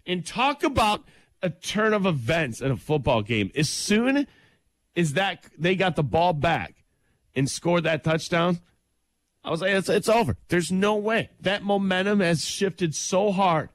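A male morning radio co-host with an excitable, enthusiastic way of talking, his voice swooping up and down as he rants. He sounds close and dry on a studio mic, with no room around him. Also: high-pitched, a little slow, no room sound. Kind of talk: casual chat and sports rundown.

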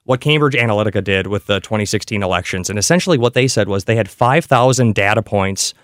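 A man's voice: lowish voice, fast, no echo, clean studio sound. Enthusiastic male radio co-host. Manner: enthusiastic, lively. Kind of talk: casual radio chat. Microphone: studio microphone.

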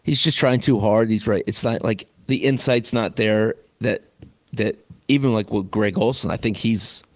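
A man's voice: lowish voice, moderate pace, dry recording. A man co-hosting sports radio, talking casually with hesitant fillers.

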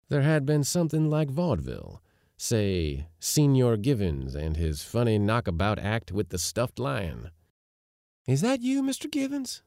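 A man reading a story aloud in an expressive, wry narrating manner. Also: lowish voice, no echo, clean studio sound. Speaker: audiobook narrator.

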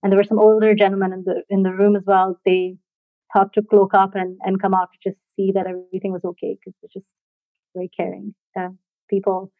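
A woman recounts a personal story in a relaxed, reflective way, pausing and laughing softly between thoughts. Her voice comes through thin and phone-like. The sound is dry and close, with no room around it. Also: mid-range voice, no echo.

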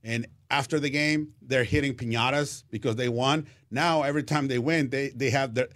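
A man's voice: mid-range voice, fairly even intonation, moderate pace, a bit bright, no room sound, clean studio sound. A man, a baseball broadcaster telling stories in a casual radio interview, repeating words and laughing easily. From Mexico. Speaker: Spanish-language baseball broadcaster, guest.

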